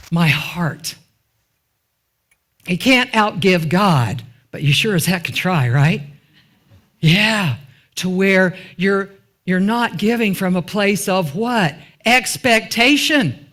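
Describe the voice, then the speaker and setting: A woman's voice: mid-range voice, lively intonation, slow, pauses often, fairly bright tone. Chatty woman minister preaching. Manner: asks the congregation rhetorical questions and waits for answers; informal and chatty, with asides. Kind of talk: conversational sermon. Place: church sanctuary.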